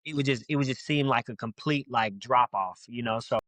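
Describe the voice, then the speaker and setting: Fast-talking young rapper, slangy. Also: male voice, medium pitch, a bit bright, dry recording. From Louisville, Kentucky, US. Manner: rambling, slangy, laid-back. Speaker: guest rapper. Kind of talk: casual podcast interview.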